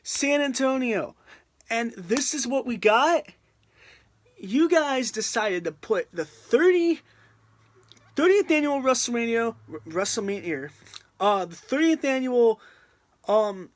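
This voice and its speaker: Fed-up online reviewer ranting on camera, emphatic and repetitive, mid pitch, dry sound. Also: expressive, slow, long pauses, dry recording. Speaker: wrestling reviewer on a video channel.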